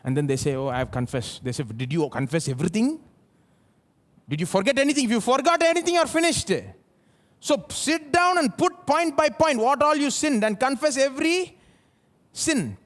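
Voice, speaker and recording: A male pastor with an Indian English accent preaching at a live church service, asking the congregation rhetorical questions and swinging between loud and soft. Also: very high-pitched, normal speed. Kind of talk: sermon.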